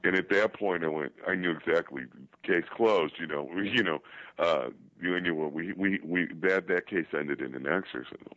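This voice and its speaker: Very deep-voiced man, rambling interview talk. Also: moderate pace, fairly bright tone, no echo. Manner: rambling, many fillers and repeated words. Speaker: paranormal investigator guest. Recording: dull lo-fi dry audio.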